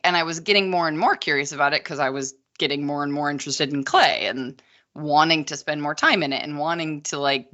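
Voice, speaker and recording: Chatty woman, low bright voice. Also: dull audio. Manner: long-winded, chatty, many asides. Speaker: podcast guest, potter. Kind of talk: casual chat.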